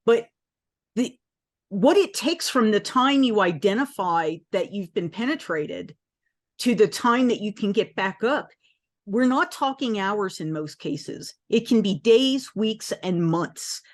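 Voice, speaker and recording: Measured woman industry analyst. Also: medium pitch, lively intonation. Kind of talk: conversational discussion.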